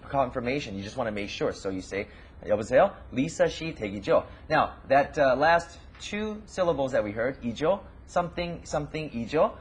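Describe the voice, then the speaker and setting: A man co-hosts a language lesson in a husky, lively voice. He talks fast and casually, stopping often on fillers as he explains. His pitch rises and falls freely. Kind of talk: casual teaching chat.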